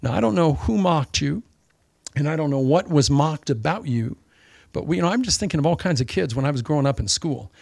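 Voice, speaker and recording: A man preaching a sermon in an animated way, acting out the voices and looks of mockers. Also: fairly high pitch, fairly quick, gravelly, breathy edge, no room sound, clean studio sound. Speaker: pastor.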